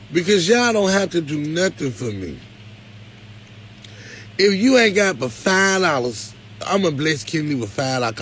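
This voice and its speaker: Animated man pleading with his viewers. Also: on the high side, a little hiss or hum. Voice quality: animated, swings from pleading to loud complaint. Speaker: live show host. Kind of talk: casual live-stream chat.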